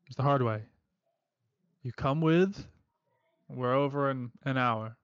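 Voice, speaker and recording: A man voicing a menacing male debt-collector warlock with an Australian accent, who makes calm threats and keeps saying mate. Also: mid-range voice, takes it slowly, smooth, no room sound, muffled recording.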